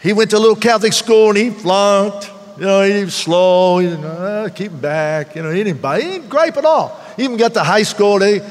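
A man's voice: high voice, fairly quick, hardly any pauses, big-room sound. An older man giving a heartfelt personal testimony at a recovery meeting, repeating phrases for emphasis.

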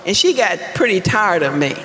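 A woman sharing her recovery story at a fellowship meeting, telling it with wry, deliberate humor. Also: mid-range voice, big pitch swings, a bit bright, a little hiss or hum. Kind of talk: personal testimony talk. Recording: echoey hall with long reverb and faint room ambience.

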